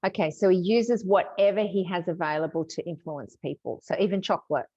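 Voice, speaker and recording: A woman's voice: fairly low pitch, a little fast, a little mellow, husky, dry recording. A woman hosting a podcast, chatty and agreeable as she recaps points. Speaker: podcast host. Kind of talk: casual podcast chat. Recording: dull, dry lo-fi sound.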